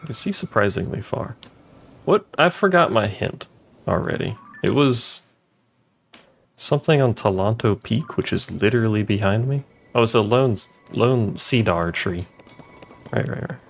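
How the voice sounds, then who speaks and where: Low gravelly male streamer. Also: expressive, normal speed, soft background music. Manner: dry, joking, mutters to himself. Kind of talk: casual game commentary.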